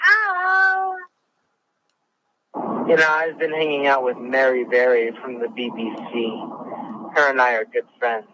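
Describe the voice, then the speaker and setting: A man's voice: medium pitch, big pitch swings, unhurried, long pauses, muffled recording. A man voicing a flirty, showy society lady in a campy, put-on manner, heard over a noisy background.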